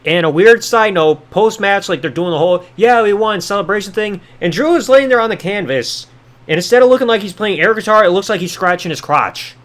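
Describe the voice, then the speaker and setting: A man's voice: sits high, animated, a little fast, fairly bright tone. A male podcast host recapping a show in casual commentary, sarcastic and offhand, with some swearing.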